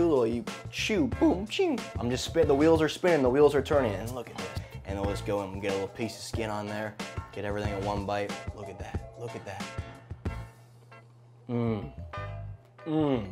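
A male chef hosting a casual cooking vlog in his kitchen, upbeat and playful, swearing now and then. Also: mid-range voice. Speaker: chef and show host.

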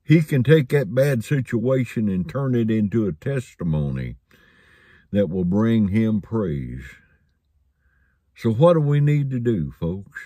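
Slow, lively preacher. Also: male voice, fairly low pitch, no echo, studio quality. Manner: folksy storytelling, chuckling. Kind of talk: sermon.

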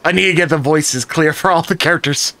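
A man talks casually over a game he is co-playing, swearing freely and explaining his choices on the fly. His tone is bright and forward. The sound is dry and close, with no room echo. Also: fairly high pitch. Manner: casual and profane, with quick explanations. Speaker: co-player guest. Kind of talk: casual gaming banter.

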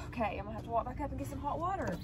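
A woman's voice: sing-song, rapid-fire, very noisy. Chatty woman vlogging her chicken chores. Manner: chatty, talks sweetly in a high voice to her hens. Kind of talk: casual vlog narration during chores. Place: outdoors at a chicken coop in freezing weather. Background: clucking chickens.

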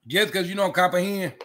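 A man's voice: high voice, sharp tone, slight background noise. A man who breeds dogs, ranting to camera in a confrontational way, repeating and restarting his words. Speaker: dog breeder. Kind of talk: heated rant to camera.

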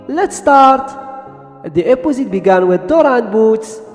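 A man's voice: extremely high pitch, animated, slow. A man hosting a channel, retelling a cartoon episode in simple, broken English. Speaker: channel host and narrator. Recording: echoey room with background music.

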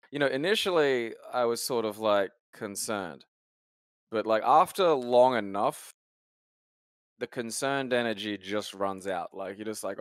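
A man's voice: on the low side, fairly bright tone, smooth, no echo, clean studio sound. Rambling, foul-mouthed guy. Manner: rambling, swears a lot, trails off. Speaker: podcast co-host. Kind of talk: casual chat.

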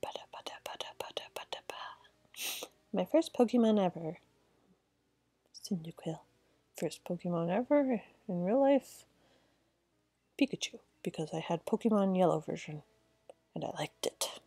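A woman's voice: on the low side, lively intonation, measured pace, long pauses, warm tone, husky, no room sound. A tired woman giving rambling, giggly commentary while playing a video game. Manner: giggly, rambling, talks to herself. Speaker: let's play gamer. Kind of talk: casual gameplay commentary.

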